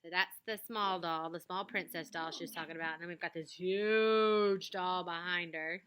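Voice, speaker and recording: A woman reading a children's chapter book aloud, pausing to describe the pictures in an animated way. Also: lowish voice, noisy background. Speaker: storybook reader.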